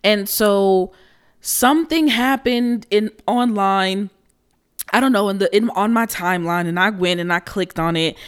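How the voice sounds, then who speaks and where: A woman's voice: mid-range voice, a little slow, clean tone. A young woman giving casual social commentary, blunt, profane and emphatic.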